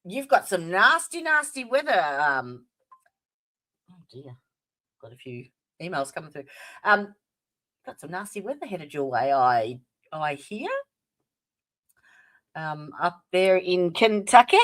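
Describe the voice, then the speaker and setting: Low-voiced, unhurried Australian woman. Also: very animated, fairly bright tone. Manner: chatty, greets viewers by name, many fillers. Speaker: livestream host. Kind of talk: casual livestream chat.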